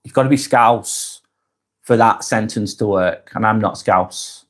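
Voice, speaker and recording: A man hosting a live vlog, reading comments aloud and answering them bluntly, often swearing, then softening to reassure. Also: fairly low pitch, a little slow. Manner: blunt, sweary, swings between brusque and reassuring. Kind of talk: casual live vlog chat.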